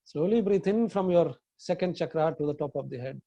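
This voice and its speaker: Calm high-voiced male meditation guide. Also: gravelly, dry recording. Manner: slow calm instructions, chants mantras in long tones. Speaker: yoga and meditation teacher.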